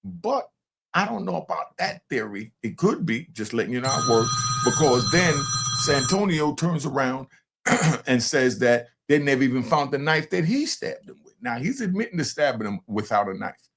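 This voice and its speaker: An older man and grandfather hosting a casual commentary show, animated and talking straight to his viewers. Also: medium pitch, normal speed, gravelly. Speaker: commentator host.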